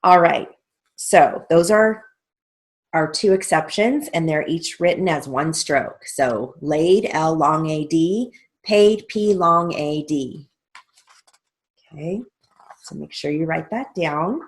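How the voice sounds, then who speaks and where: Slow, deliberate woman teaching stenography. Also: low-pitched. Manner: slow, deliberate dictation, spelling out letters. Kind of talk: recorded theory lesson.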